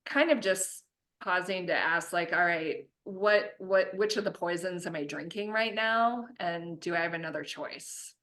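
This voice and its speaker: A woman who works as a conflict coach and mediator, talking through an idea in a relaxed, reflective way with lots of fillers. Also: fairly low pitch, a little slow. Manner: reflective, explains with many fillers and restarts. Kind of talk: casual podcast conversation.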